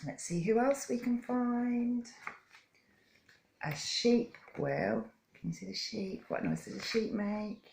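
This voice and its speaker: A woman hosting a children's story time, reading slowly and coaxing little listeners to join in. Her voice has a gravelly edge, and the room around her rings with echo. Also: on the high side, expressive, slight background noise. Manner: slow, gentle, coaxing, invites children to join in; teaches simple hand signs step by step. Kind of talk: reading a picture book aloud to young children. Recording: echoey room.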